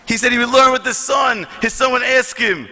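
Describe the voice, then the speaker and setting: A man giving an impassioned speech to a conference audience, often rising to shouts as he reads letters aloud. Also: very high voice, brisk, long reverb tail. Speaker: conference speaker.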